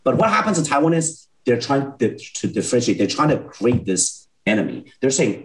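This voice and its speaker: A man hosts a talk show and delivers heated political commentary. His pitch swings widely, jumping up and dropping low as he presses each point. He gets worked up and stumbles over repeated words. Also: big pitch swings, normal speed, hardly any pauses, rough recording.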